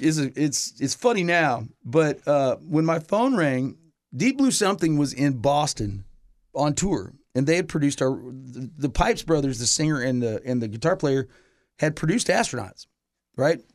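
A man's voice: on the high side, animated, normal speed, dry recording, studio quality. Rambling middle-aged man telling a story. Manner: rambling, filler-heavy, with restarts and a casual curse. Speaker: touring musician guest. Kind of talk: casual storytelling.

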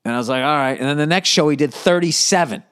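A man in his fifties hosting a solo comedy podcast, rambling through profane, animated stories full of asides. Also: on the high side, quick pace, clear, resonant tone. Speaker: podcast host.

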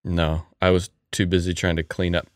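A man's voice: deep voice, level tone, moderate pace, no room sound, studio quality. A man co-hosting a podcast, telling stories in a laid-back, casual way. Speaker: podcast co-host. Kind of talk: casual chat.

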